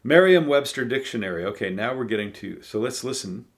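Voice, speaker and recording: A man reading poems aloud and talking them through in a thoughtful, musing way, pausing often with ums and uhs. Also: medium pitch, animated. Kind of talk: casual poetry reading and commentary.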